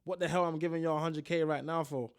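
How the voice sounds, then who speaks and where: A man's voice: fairly high pitch, fairly even intonation, fast, smooth, lightly acted. A man imitating a brash American boxer. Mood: defiant. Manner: brash, dismissive. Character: cocky American male boxer firing back on social media.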